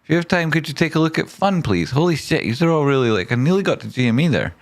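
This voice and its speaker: A man hosting a live trading stream, reading viewer messages aloud with excitable swearing and silly wordplay. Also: fairly high pitch, fast. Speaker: trading livestream host.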